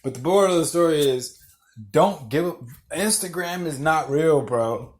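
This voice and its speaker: A man's voice: fairly high pitch, moderate pace, noisy background. A young adult man hosting a podcast, telling blunt, profane stories in a casual monologue and often laughing through them. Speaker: podcast host.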